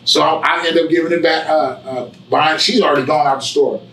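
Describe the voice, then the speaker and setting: A man's voice: on the high side, steady tone, fairly quick, a bit bright. A man as an interview guest in a barbershop, telling a casual story in a rambling, repetitive way with profanity and frequent "you know what I'm saying.". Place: barbershop, indoors. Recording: echoey room, mic at a distance.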